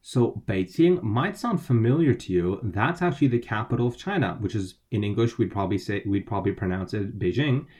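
A man's voice: fairly low pitch, animated, fairly quick, hardly any pauses, a little mellow. A man co-hosting a language lesson, patiently explaining Mandarin phrases and spelling out each syllable. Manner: patient, spells out pinyin letter by letter. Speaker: language podcast co-host.

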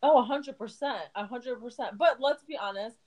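A woman's voice: a little high, moderate pace, darkish tone, poor audio. A woman co-hosting a podcast, bantering and teasing her friend with frequent laughs. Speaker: podcast co-host. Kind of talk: casual chat.

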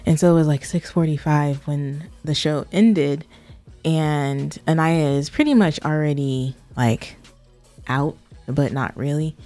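Low, mellow-voiced woman telling stories. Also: fairly even intonation, a little slow, soft background music. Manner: chatty storyteller, many "like" fillers. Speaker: podcast co-host. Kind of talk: casual chat.

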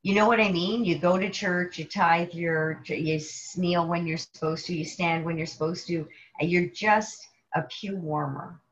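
Female co-host, casual faith talk, chatty and expressive, slightly muffled audio. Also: fairly low pitch, moderate pace, hardly any pauses. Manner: animated storyteller, acts out quoted people. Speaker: podcast co-host. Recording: dull lo-fi sound.

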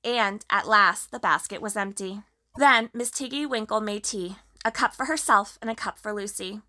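A woman narrating a children's storybook in a gentle, measured way. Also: medium pitch. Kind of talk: storybook reading.

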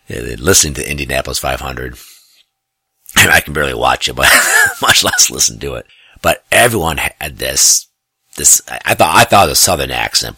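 A middle-aged man from the US Midwest tells a family story in casual personal storytelling, rambling, correcting himself, and chuckling often. His very deep voice is creaky, husky, pushed and bright, captured at studio quality with no echo.

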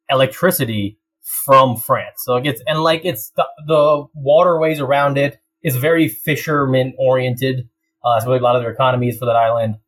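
A young man in casual chat, telling a story with lots of laughs and quick put-on voices. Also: medium pitch, poor audio. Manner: animated storytelling, laughs often, slips into voices.

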